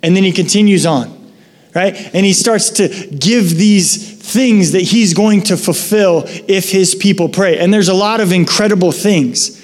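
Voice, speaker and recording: High-voiced pastor preaching in a hall. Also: male voice, unhurried. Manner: conversational, animated storytelling. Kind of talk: sermon. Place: church sanctuary.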